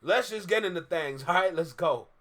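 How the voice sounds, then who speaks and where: A man from Toronto with a bright, high voice hosts a casual reaction stream. He talks to his viewers chattily, full of slang. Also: expressive, normal speed. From Toronto, Canada. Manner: chatty, calls the audience "bruh" and "y'all".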